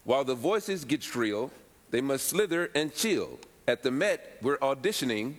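A man on a radio panel reading a limerick aloud in a measured, rhythmic way. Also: medium pitch, big pitch swings.

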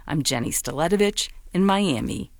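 Woman reporter, measured news read, gravelly edge, dry. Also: low voice, lively intonation, no room sound.

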